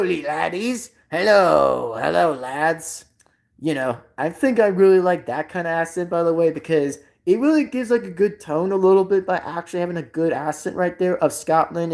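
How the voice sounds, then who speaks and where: A woman's voice: on the low side, darkish tone. A woman hosting a live stream, chatting casually and rambling with lots of "like" and "by the way". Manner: rambling, heavy filler "by the way" and "like".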